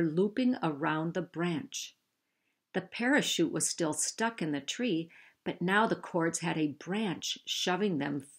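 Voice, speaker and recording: A woman reading a children's novel aloud, measured and unhurried, lifting her voice for the characters. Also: lowish voice. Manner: slow, measured storytelling with raised voices for dialogue. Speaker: reader.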